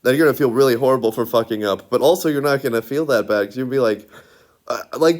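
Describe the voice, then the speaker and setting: A man's voice: mid-range voice, fast, darkish tone. A man talking in a casual rambling monologue. He giggles often and fills his speech with "like". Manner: giggly, rambling, constant filler "like"; rambling, with lots of restarts.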